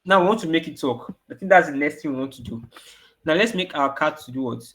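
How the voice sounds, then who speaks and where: A man's voice: on the high side, animated, quick pace, a bit bright. A man teaching an online coding class to children, asking questions and answering them himself. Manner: repeats questions for the kids to answer. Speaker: programming teacher.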